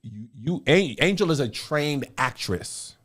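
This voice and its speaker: A man's voice: medium pitch, animated, unhurried, fairly bright tone. A man hosting a casual podcast chat, joking and playful. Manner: joking, playful, drops into mock accents. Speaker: podcast host.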